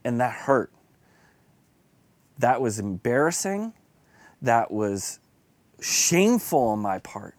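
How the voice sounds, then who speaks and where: A man's voice: mid-range voice, sing-song, takes it slowly, pauses often, no echo. A man preaching an earnest, confessional devotional sermon that builds to fervent emphasis.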